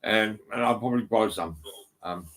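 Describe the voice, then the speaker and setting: A man's voice: fairly low pitch, normal speed, fairly bright tone. A middle-aged man talking casually at home into a phone. His speech rambles, full of fillers and false starts, with frequent swearing. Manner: rambling, heavy swearing, many ums and restarts. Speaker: vlogger. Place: indoors at home, on a settee.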